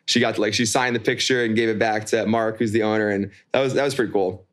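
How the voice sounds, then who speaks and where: A man's voice: lowish voice, steady tone, fast. Man, podcast co-host, casual storyteller who laughs often. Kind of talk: casual chat. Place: New York.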